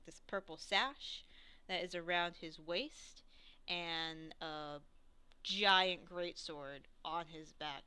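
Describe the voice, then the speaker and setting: A woman's voice: on the low side, pushed and bright, smooth. A woman narrating a tabletop game as game master, describing scenes in a rambling way, with many restarts.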